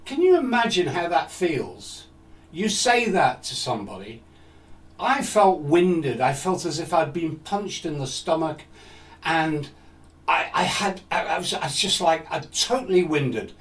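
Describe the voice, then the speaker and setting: A man's voice: fairly high pitch, big pitch swings, unhurried, a bit bright. A man in his seventies telling a personal story in a talk, reflective and asking rhetorical questions. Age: 70s. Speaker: speaker. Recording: roomy echo, distant mic.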